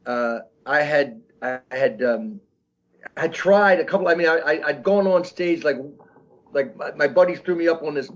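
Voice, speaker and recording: Guest comic in his sixties, a bit high, rambling restarts, dull lo-fi sound. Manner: rambling, halting with many restarts. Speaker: comedian guest. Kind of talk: casual storytelling interview. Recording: dull lo-fi audio.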